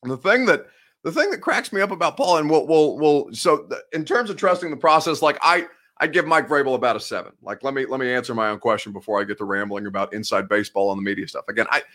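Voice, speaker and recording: Man around 30, casual live-show host, rambling, restarts often, bright tone. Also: mid-range voice, fast. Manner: rambling, self-interrupting, laughs often. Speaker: podcast host and sports reporter. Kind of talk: casual live-show chat, reading viewer comments.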